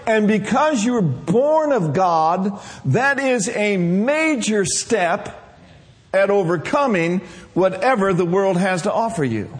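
Man preaching to a church crowd, high voice, repeats lines for people to say back. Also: expressive, slow. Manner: call-and-response preaching, repeats phrases. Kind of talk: sermon.

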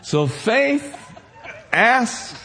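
A male pastor preaching an impassioned sermon with a hoarse voice, swinging from soft to shouting. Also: very high voice, very animated, drawn-out words, slight background noise.

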